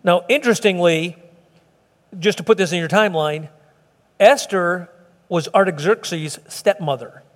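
A middle-aged male pastor with a notably high voice delivers a folksy, earnest sermon, often restarting his sentences. The sound carries a long reverb from a church hall. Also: measured pace, pauses often.

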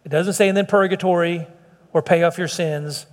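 A man's voice: sits high, fairly even intonation, moderate pace. A middle-aged man preaching a sermon as pastor, earnest and pleading, stumbling over restarts and fillers. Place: church sanctuary. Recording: long echo of a large hall.

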